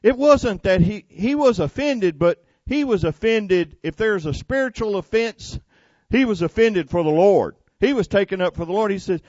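A man's voice: high voice, lively intonation, moderate pace, no echo, lo-fi sound. A man preaching a sermon in a folksy, conversational way, retelling scripture and making plain asides.

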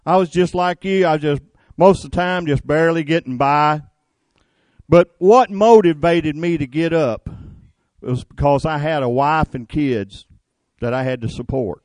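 Slow folksy older preacher man. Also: a little high, a little mellow, no room sound. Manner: folksy, homespun preaching with rhetorical questions. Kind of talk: sermon.

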